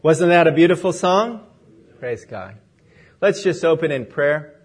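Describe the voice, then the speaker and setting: A man's voice: a little high, animated, unhurried, husky. A male pastor opening in prayer and telling a story as he preaches a sermon.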